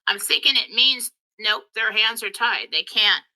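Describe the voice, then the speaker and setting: A woman hosting her spiritual channel, telling a story in a casual monologue, excitable and emotional, rushing along. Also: a little high, low-quality recording.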